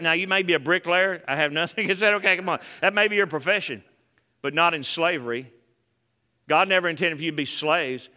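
A man with a high, bright voice preaching a sermon, calling out to his congregation in an animated way. His voice carries a long reverb from a church sanctuary. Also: fairly quick. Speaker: pastor.

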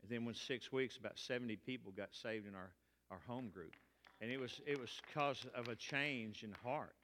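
A man's voice: medium pitch, moderate pace, fairly bright tone, slight background noise. An older man, giving a folksy testimony sermon from the pulpit. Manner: folksy, colloquial storytelling. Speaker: preacher. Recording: long reverb of a large hall.

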